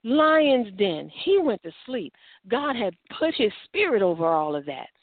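A woman's voice: on the high side, sing-song, unhurried, no room sound. Fervent woman preacher, tinny phone sound. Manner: fervent, exhorting, rhetorical questions. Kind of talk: sermon. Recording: tinny phone-like line, dry.

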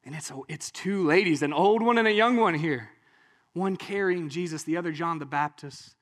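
A man delivers a sermon in a notably high voice. He talks to his listeners in a casual, animated way and often checks in with them as he explains a passage. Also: moderate pace. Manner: animated, conversational, often asks "right?". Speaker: pastor.

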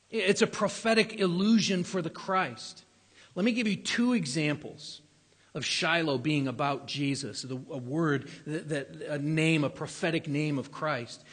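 Guy preaching a sermon, kinda high husky voice, chatty but punchy, big reverby church. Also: fairly bright tone. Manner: conversational, emphatic repetitions, some stumbles. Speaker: pastor. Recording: long hall reverb.

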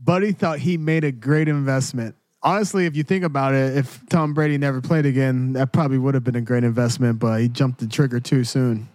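A man co-hosting a casual podcast chat, chiming in eagerly with quick reactions and questions. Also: mid-range voice, fairly even intonation, a little mellow, dry recording. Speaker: podcast co-host.

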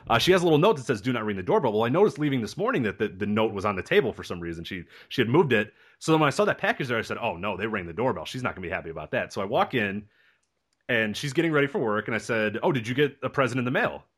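A man co-hosting a casual podcast, telling a story with animated delivery and laughing along the way. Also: medium pitch, racing, breathy edge. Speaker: podcast co-host.

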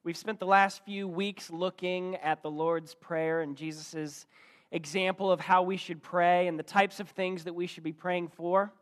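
A man who is a church pastor, preaching a sermon and telling a joke story with big swings between loud and soft. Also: sits high, fairly even intonation, measured pace. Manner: storytelling with dynamic swings in loudness.

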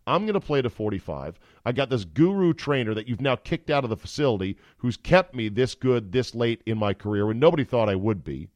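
A man's voice: medium pitch, big pitch swings, brisk, hardly any pauses, dry recording, close to an everyday voice. A man putting on the voice of a fed-up, demanding star quarterback who swears. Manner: bossy, profane.

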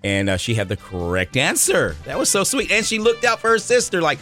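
A man's voice: on the high side, big pitch swings, a little fast, bright, forceful tone, faint music behind. A man hosting a morning radio show, delivering station announcements and jokes in an upbeat announcer manner from the studio.

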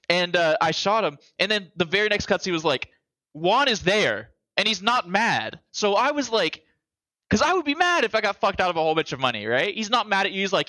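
A man co-hosting a casual chat, telling rambling, animated stories and overthinking things aloud. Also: high voice, fairly quick, no echo.

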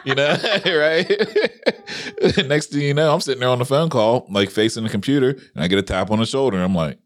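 A man's voice: medium pitch, expressive, fast, no echo. A man in casual conversation, telling funny stories with plenty of swearing and laughter, acting out what people said. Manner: laughs often, swears freely, acts out quotes. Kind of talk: casual chat, storytelling.

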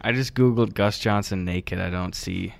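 A young man co-hosting a podcast in casual chat, relaxed with short reactions and easy banter. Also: on the low side, normal speed, gravelly, dry recording. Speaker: podcast co-host.

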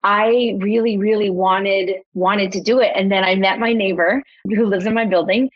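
Animated woman telling a story, muffled sound. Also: mid-range voice, moderate pace. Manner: animated storyteller, quotes herself. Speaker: podcast guest, photographer. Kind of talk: storytelling in casual conversation.

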